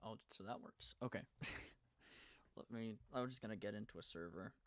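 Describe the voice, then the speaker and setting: A young man streaming live and chatting casually, nervous and excited, stumbling and restarting his sentences often. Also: fairly low pitch, moderate pace, dry recording.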